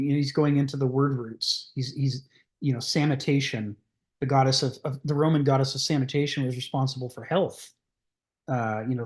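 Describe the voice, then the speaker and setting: A man guides a group through a philosophy text, reading passages aloud and commenting at length. He talks discursively and restarts often. His voice sits in a roomy, echoey space at a middle pitch. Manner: discursive, many restarts and fillers. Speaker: discussion leader.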